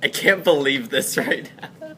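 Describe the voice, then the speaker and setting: A man's voice: fairly high pitch, wildly swooping pitch, a little slow, pushed and bright, slight background noise. A man playing in a tabletop game, laughing a lot and reacting in disbelief. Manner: laughs a lot, playful, incredulous. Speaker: player. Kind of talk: casual tabletop role-play.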